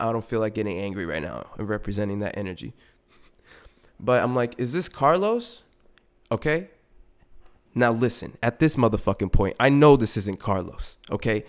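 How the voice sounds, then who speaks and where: Man, podcast host, casual storytelling rant, profane, animated, middle pitch. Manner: profane, animated, frequent restarts and asides.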